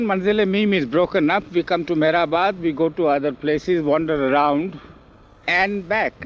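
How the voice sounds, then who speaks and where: An older man telling memories in an oral history interview, animated and acting out the quoted speech, recorded outdoors on old film. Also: fairly high pitch, a little hiss or hum. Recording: dull lo-fi 1970s film audio.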